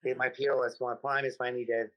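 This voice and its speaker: A man from the United States, a comedian guest in a casual interview, talking in an animated, profane way and acting out his stories. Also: medium pitch, fast talker, low-quality recording.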